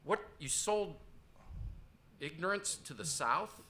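A man with a very bright, slightly high voice plays an interviewer in an improvised comedy sketch. He hesitates with lots of uhs and questions the applicant with an incredulous edge. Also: animated, slow pace, a little hiss or hum.

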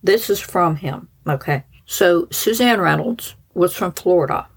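A woman with a low voice and a husky, slightly breathy tone tells a true crime case to her podcast listeners. She talks loosely and conversationally, full of "like" fillers and offhand asides. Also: animated, a little slow, rough recording. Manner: chatty and informal, many "like" fillers and asides. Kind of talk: casual storytelling narration.

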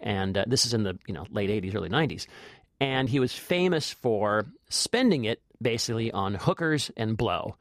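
A man's voice: fairly low pitch, animated, normal speed, no room sound, clean studio sound. A man co-hosting a movie review podcast, chatting casually with lots of fillers and restarts. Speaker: film critic podcast co-host.

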